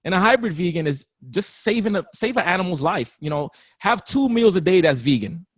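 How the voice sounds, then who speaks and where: A man talking casually as a guest trainer, animated and often laughing, acting out other people's voices. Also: high-pitched, fairly quick, no echo. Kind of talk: casual interview talk.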